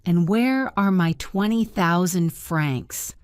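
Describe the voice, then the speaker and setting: A menacing male ghost of the opera, demanding and threatening, as a woman reads his letter in a storybook. The voice is low and dry. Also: slow pace, clear, resonant tone, dry recording.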